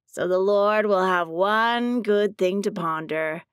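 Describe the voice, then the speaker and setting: A woman doing a gruff worn-out robot mom, slow lowish voice, dry audiobook sound. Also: no echo, natural voice. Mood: resigned. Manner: blunt, gruff, resigned. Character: weary female robot mother on the run.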